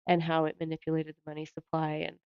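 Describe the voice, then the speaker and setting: A woman's voice: deep voice, completely flat delivery, fast talker, clear, resonant tone, no echo, muffled recording. A woman co-hosting a live stream who chats in a casual, playful way. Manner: chatty, playful, self-aware. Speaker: livestream co-host.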